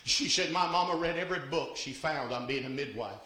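Older preacher, bright echoing voice. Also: male voice, fairly high pitch, fairly quick. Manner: swings from hushed storytelling to shouted preaching. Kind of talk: sermon with storytelling.

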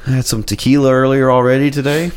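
A young man co-hosting a casual comedy podcast, goofy and quick to laugh, often slipping into silly voices. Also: medium pitch, level tone, smooth. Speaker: podcast co-host.

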